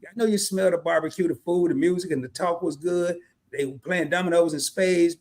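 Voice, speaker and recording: A man's voice: on the high side, fairly quick, a little mellow. Laid-back slangy man hosting a live stream. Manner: laid-back, slangy, talks to viewers directly. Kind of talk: casual live stream chat.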